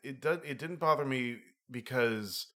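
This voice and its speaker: A man co-hosting a podcast, casually summing up a film with relaxed, dry remarks. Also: mid-range voice, a little slow. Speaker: podcast co-host. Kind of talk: casual film review chat.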